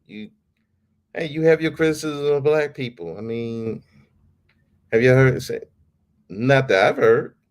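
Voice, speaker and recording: A man's voice: mid-range voice, unhurried, long pauses, clean tone. A man hosting a podcast, ranting in a casual, heated way, swearing freely and repeating himself. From United States. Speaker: podcast host.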